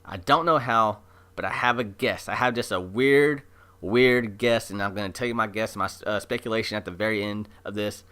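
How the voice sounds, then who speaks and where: Man, low voice, bright punchy tone, casual excited recap, rambling fillers. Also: moderate pace, clear, resonant tone. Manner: chatty, animated retelling with many fillers. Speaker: anime episode reviewer.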